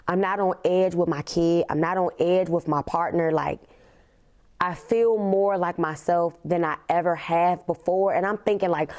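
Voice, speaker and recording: A woman, hosting a podcast and telling a personal story in an emphatic way, often leaning on "literally" and slowing down on key words. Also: lowish voice, darkish tone. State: tearful. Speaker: podcast host.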